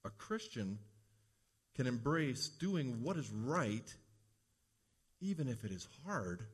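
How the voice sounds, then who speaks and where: A man's voice: mid-range voice, breathy edge. A man preaching a sermon as pastor, earnest and rising to emphatic peaks.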